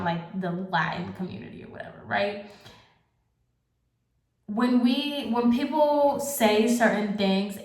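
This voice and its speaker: A young woman vlogger ranting in casual commentary, exasperated and sarcastic. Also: mid-range voice. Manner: exasperated, sarcastic, fast asides. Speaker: beauty vlogger. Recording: echoey room.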